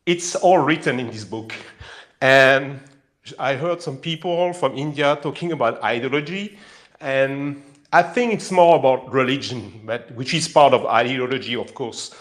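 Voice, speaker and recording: Emotional French man on a voice chat. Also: mid-range voice. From France. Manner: emotional, halting with many fillers and restarts. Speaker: caller. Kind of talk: live audio chat. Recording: online voice chat.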